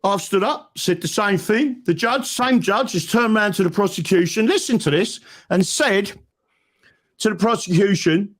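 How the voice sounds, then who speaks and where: A man's voice: sits high, normal speed, a bit bright. A man telling a story in a casual, emphatic chat and often tagging "right?". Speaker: guest.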